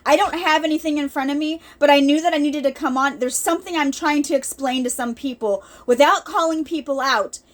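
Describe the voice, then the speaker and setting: A woman's voice: sits high, brisk, hardly any pauses. A woman hosting an unscripted ministry video, giving an earnest, rambling spiritual testimony with many restarts and asides, emotional at times.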